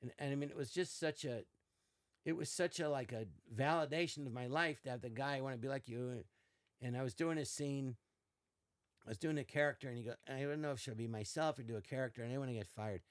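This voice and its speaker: Older male guest, lively anecdotal storyteller, mid-pitched. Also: fast talker. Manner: animated anecdotes with quoted voices. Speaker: podcast guest. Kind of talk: casual storytelling.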